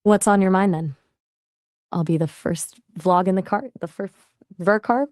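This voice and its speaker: A woman's voice: medium pitch, measured pace, a little mellow, no echo, clean studio sound. A woman's voice acting as an AI voice assistant in casual chat, chatty and polite, often asking follow-up questions.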